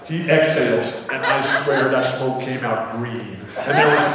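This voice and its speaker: A man in his sixties, a guest author telling rambling, animated anecdotes to a live theater audience, acting out the people he quotes. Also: a little high, recorded from a distance. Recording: echoey hall, mic heard from afar.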